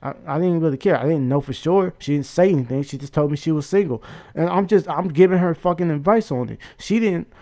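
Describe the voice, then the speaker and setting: A man's voice: a little high, fairly quick, dark tone. A nineteen-year-old man telling an angry story in a heated, profane, repetitive rant. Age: young adult, about 19. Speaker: vlogger.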